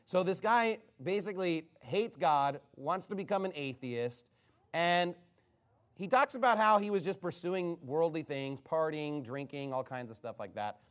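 A man's voice: fairly high pitch, lively intonation, measured pace, a bit bright. A man preaching a sermon, retelling a story with mocking, incredulous sarcasm.

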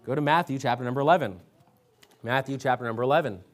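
A man's voice: mid-range voice, quick pace. A man preaching a sermon, exhorting his listeners and reading scripture aloud with emphasis. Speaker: pastor.

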